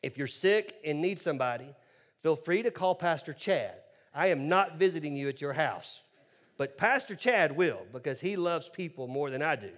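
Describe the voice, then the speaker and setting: High-voiced joking pastor preaching. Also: male voice, animated, normal speed, fairly bright tone. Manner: humorous, conversational preaching with asides. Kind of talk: sermon.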